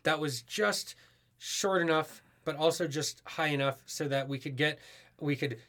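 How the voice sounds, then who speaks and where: A man's voice: on the high side, moderate pace, a bit bright. A man guest on a podcast telling a touring story in casual chat, rambling with many fillers. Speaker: musician guest.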